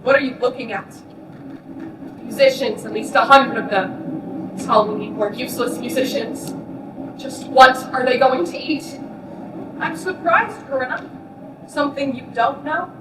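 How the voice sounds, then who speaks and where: A woman performing in a recorded stage play, talking in a sarcastic, mocking way that sometimes flares into shouting. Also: high-pitched, a little slow, pauses often, noisy background. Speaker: stage actor playing a camp prisoner. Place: theatre stage. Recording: roomy distant stage recording.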